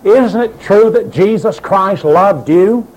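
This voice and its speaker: A man's voice: high voice, animated, slow, darkish tone, rough recording. A man preaching a sermon, insistent and emphatic, quoting doubters in mocking voices.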